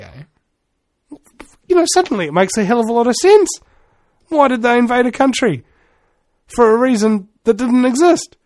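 A man talks in a rambling, sardonic monologue. His voice sits high and leaps around in pitch, playing every line for effect. The sound is dry and close. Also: sing-song, moderate pace, pauses often, dry recording. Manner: sardonic, theatrical, laughs at his own lines. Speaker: commentator.

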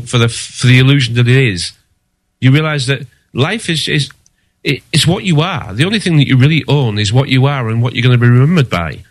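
A man speaking as a radio show guest, hesitant and halting, often repeating words. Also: mid-range voice. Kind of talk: casual radio talk.

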